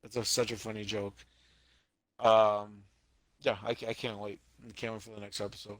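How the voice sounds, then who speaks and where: A young man co-hosting a casual anime podcast, excitable and jokey, often repeating his words. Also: fairly low pitch, moderate pace, dry recording. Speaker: podcast co-host.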